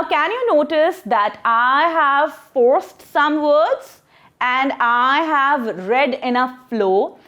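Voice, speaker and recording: A woman teacher who gives a recorded lesson for children. She explains patiently, step by step, and asks the class questions as she goes. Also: on the high side.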